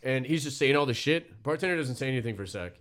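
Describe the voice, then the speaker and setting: A man's voice: medium pitch, animated, fast, fairly bright tone. A man telling a rambling, profane story in a casual group chat. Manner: rambling storyteller, swears a lot.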